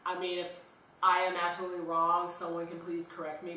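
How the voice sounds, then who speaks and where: A woman's voice: lowish voice, little pitch movement, fast talker, bright, forceful tone, slight background noise. A woman vlogger telling a travel story in a rambling, casual way, with lots of fillers and some swearing. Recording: echoey room, distant mic.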